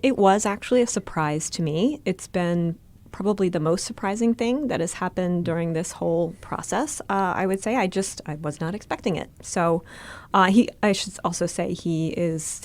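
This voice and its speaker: A woman's voice: on the low side, a little mellow. A woman reporter giving casual spoken analysis, thoughtful, with frequent fillers and self-corrections. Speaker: political reporter.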